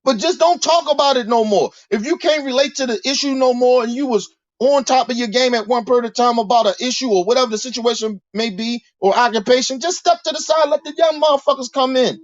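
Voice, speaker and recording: Angry high-voiced man ranting. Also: fast, few pauses, dry recording, lo-fi sound. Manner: angry, profane, preachy, repeats words. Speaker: commentator. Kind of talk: heated monologue rant.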